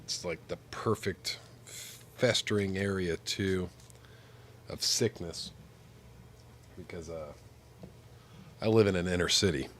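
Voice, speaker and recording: Stuffy-nosed man with a very low voice. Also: slow, pauses often, a bit bright, slight background noise. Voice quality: nasal. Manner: rambling, joking. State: congested, stuffy nose from flu. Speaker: streamer. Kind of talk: casual chat while gaming.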